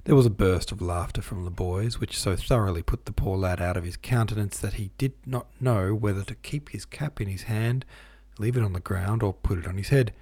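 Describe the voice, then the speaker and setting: Man narrating a classic novel, measured and steady, low husky voice, pauses to explain footnotes. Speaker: audiobook reader. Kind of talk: reading a classic novel aloud.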